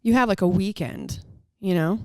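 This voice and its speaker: A woman's voice: medium pitch, moderate pace, mellow, dry recording, clean studio sound. A woman co-hosting a podcast in casual, teasing chat. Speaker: podcast co-host.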